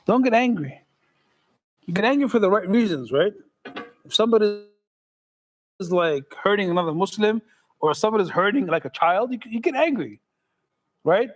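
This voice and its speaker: Middle-aged man, imam, high voice, casual sermon, joking and questioning the crowd. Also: expressive, moderate pace, pauses often, poor audio. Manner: joking, conversational, asks the audience questions.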